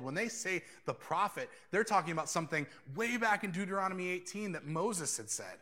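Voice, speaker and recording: A man delivers a sermon with a bright, forceful tone pitched a little high. He talks casually with his listeners and keeps acting out quoted speakers in a lower voice. It sounds like a pastor at a church. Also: animated, moderate pace. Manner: conversational, drops into quoted voices.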